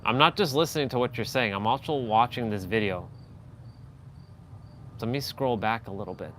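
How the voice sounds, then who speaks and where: A man streaming live offers a viewer relaxed feedback on speaking at a moderate pace, his mid-range voice fairly bright over slight background noise. He's loose in delivery, with frequent fillers and restarts, and pushes his voice up and down as demonstration.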